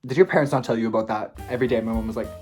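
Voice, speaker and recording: A man hosting a video, reading posts aloud and reacting to them expressively, swinging between playful and hushed. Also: medium pitch, rapid-fire, music in the background. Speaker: video host.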